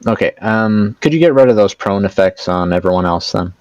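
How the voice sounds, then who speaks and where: Lively, swearing male tabletop player. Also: fairly low pitch, a little fast, clear, resonant tone, dry recording, highs cut off. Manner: swears and laughs often, mock-exasperated. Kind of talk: casual tabletop game banter.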